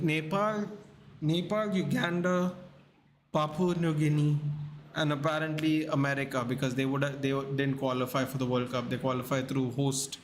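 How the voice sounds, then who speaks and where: A man's voice: on the high side, slight background noise. A man hosting a live sports watchalong, chatting casually and rambling as he reacts to the match and answers the chat, sounding tired. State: tired, yawning.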